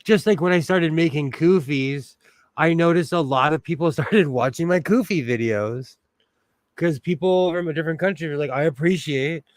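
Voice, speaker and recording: Man in his 40s, slightly high voice, rambling sentimental livestream host, dry close sound. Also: normal speed, no echo. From United States. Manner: rambling and sentimental, many fillers. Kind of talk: casual livestream chat while sewing.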